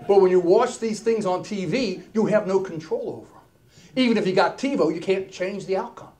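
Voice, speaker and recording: A man telling a comic story on stage as a keynote speaker, wisecracking and animated, dropping into hushed asides. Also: high-pitched, a little fast, a little hiss or hum. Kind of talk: stand-up comedy storytelling. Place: stage before a live audience.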